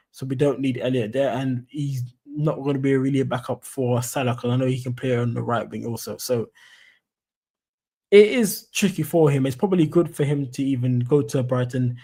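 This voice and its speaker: Young London bloke, casual streamer, rambling chat, mellow warm tone. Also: male voice, medium pitch. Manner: chatty, rambling, says "mate" and "you know what I'm saying". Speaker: football fan streamer. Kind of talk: casual live-stream commentary.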